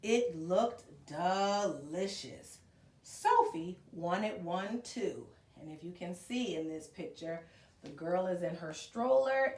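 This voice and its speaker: A woman's voice: lowish voice, a little mellow. A woman reading a storybook to young children and leading them through movement exercises, counting aloud and coaxing them along. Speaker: preschool teacher reading aloud. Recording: roomy echo from a distant camera.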